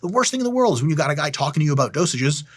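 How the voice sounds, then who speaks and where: A man hosting his fitness channel, giving a blunt, profane, joking educational rant with deadpan asides. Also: fairly high pitch, rapid-fire, slightly rough. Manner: sarcastic and blunt, swears freely.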